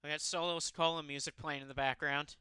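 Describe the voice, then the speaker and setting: A man casually commentating a wrestling video game, excitable and chatty, laughing often. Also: a little high, brisk, clear, resonant tone, no room sound. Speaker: gaming commentator. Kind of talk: casual let's-play commentary.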